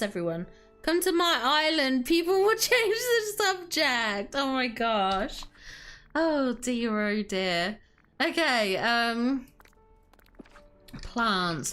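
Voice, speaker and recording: Giggly high-voiced woman streamer. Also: a bit bright. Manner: giggly, laughing to tears, self-deprecating. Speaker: game streamer. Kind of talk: casual livestream chat.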